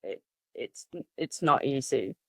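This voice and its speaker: A woman's voice: extremely low pitch, animated, slow pace, bright, forceful tone, no echo. A woman, a podcast guest talking candidly and chattily in a conversational interview, laughing easily. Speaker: podcast guest, martial artist.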